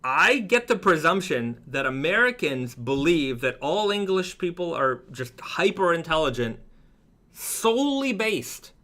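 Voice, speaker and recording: A man's voice: on the high side, expressive, normal speed, few pauses, bright, forceful tone. A man from Canada with a Toronto accent, co-hosting a live stream, casually chatting and reading viewer comments with lots of fillers and restarts. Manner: rambling with many fillers and restarts. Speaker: co-host of a brand live stream.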